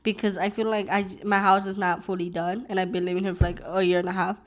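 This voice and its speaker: A woman's voice: mid-range voice, level tone, fast talker. A young woman vlogger at home, casually telling a long personal story while eating, rambling with many fillers and restarts.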